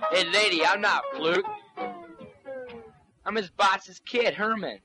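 A man's voice: high voice, slow, husky, soft background music, exaggerated voice. Man playing a grumbling dim big lug. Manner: flat, grumbling. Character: big dim young man, reluctant stand-in.

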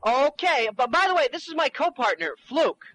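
Whiny, excitable high-voiced man. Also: poor audio. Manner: excitable, whiny, quick-tempered. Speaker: comedy phone-tape performer. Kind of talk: comedy skit acting.

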